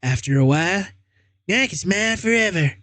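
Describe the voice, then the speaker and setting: A man's voice: sits high, lively intonation, a little fast, fairly bright tone, no echo, pitched above the performer's own voice. A man voicing an insane young boy who speaks in a sweet, childlike, sing-song way. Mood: eerie sweet. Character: creepy cheerful boy gone insane.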